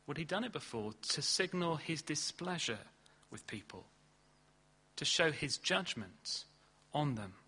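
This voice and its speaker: A man preaching a sermon in earnest, leaning hard on key words and then dropping low and slow. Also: expressive, sharp tone, husky. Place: church hall.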